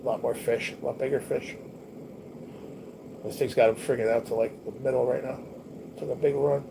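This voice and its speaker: A man's voice: medium pitch, fairly even intonation, moderate pace, creaky. Blunt, cursing man on a noisy stream. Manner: blunt, profane, rambling talk to viewers. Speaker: livestream host. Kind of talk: casual livestream chat. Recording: noticeable background noise.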